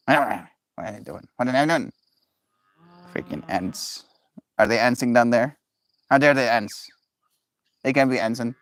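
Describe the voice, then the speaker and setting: A man's voice: medium pitch, measured pace, pauses often, a bit bright, no room sound. A man hosting a daily livestream, chatting loosely with viewers and calling them bro. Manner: rambling, loose, talks to chat, says bro. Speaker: livestream host. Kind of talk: casual livestream chat.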